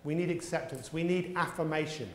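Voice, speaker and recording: A man's voice: fairly high pitch, brisk. A man giving a motivational keynote talk at a conference, telling stories and acting out the voices in them. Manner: lively storyteller, acts out voices. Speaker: keynote speaker. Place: conference hall. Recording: echoey hall with long reverb.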